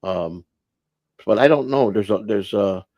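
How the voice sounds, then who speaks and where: A man's voice: on the low side, a little slow, a little mellow, no room sound. A man hosting a casual livestream, rambling and blunt, swearing freely and restarting his sentences. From United States. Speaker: livestream host.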